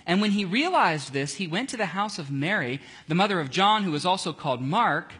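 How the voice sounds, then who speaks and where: A man leading a casual Bible study, animated and jokey, acting out scenes as he reads. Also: sits high, fairly quick, slightly rough.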